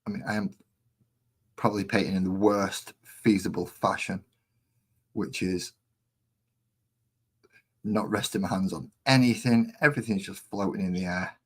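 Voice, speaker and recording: A man's voice: sits low, fairly even intonation, normal speed, long pauses, husky. A man casually chatting on a live stream while painting models, rambling and easily distracted.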